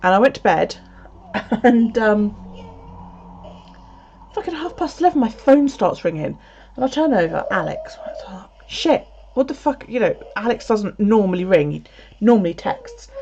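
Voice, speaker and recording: A woman's voice: mid-range voice, expressive, normal speed, pauses often, darkish tone, a little hiss or hum. A woman streaming from home, chatting casually and telling a story with plenty of swearing. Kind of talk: casual livestream chat. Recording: slightly dull lo-fi audio.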